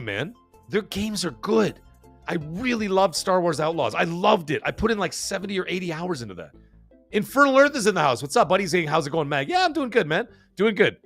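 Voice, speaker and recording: A man hosts a casual live stream, reading out chat messages in a quick, rambling patter full of fillers and false starts. His voice sits a little on the high side for a man. Soft music plays faintly underneath. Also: sing-song, creaky. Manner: fast-talking, rambling, lots of fillers and restarts. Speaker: livestream host reading chat.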